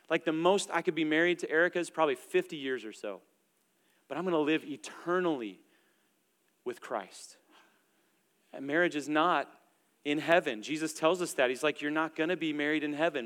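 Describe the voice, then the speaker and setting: A young adult man preaching a sermon in a relaxed, conversational way, with plenty of filler words. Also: fairly high pitch. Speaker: pastor. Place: church auditorium stage. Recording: long reverb from a large hall.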